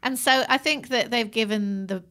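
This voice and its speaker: Australian woman, middle-aged, bright voice, fairly high, chatty storyteller. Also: normal speed. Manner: chatty storyteller, laughs often. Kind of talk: casual chat.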